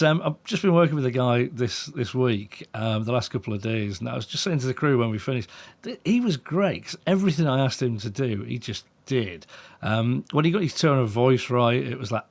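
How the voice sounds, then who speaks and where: Casting: male dog trainer, mid-range voice, chatty and animated, slips into quoted voices and chuckles. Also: medium pitch, gravelly. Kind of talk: conversational interview storytelling.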